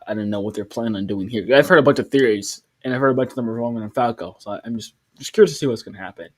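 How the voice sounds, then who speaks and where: Husky-voiced man doing rambling reaction commentary. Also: on the low side. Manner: rambling, with many restarts and fillers; incredulous, questioning. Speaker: online comic reaction commentator.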